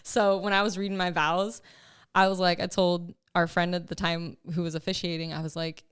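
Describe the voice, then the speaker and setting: A young woman chats casually on a podcast, laughing often and leaning on "like". Her voice sits a little low and sounds smooth. The sound is close and dry. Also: flat delivery, normal speed, no room sound. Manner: chatty and emotional, laughs often, lots of "like". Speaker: life coach.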